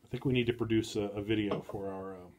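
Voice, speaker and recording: A man hosting a casual chat show, speaking in a halting, dry way with frequent restarts. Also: on the low side, fairly even intonation, a crowd in the background. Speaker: host.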